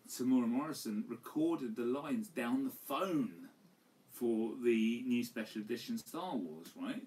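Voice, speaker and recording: A man co-hosting a casual, tipsy podcast chat, rambling with lots of fillers and some swearing. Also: medium pitch. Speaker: podcast co-host. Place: home live stream. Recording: distant mic with faint room noise.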